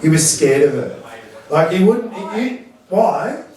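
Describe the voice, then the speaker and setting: A man's voice: fairly high pitch, sing-song, measured pace, mellow. A middle-aged man, hosting a stand-up night with brash, profane, sarcastic banter. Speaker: comedy MC. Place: comedy venue stage. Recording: echoey room from far off with audience. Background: audience laughter.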